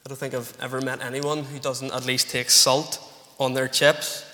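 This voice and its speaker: A man's voice: mid-range voice, little pitch movement, moderate pace, sharp tone, big-room sound. A Northern Irish man preaching an earnest, emphatic expository sermon to his church congregation. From Northern Ireland. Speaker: pastor.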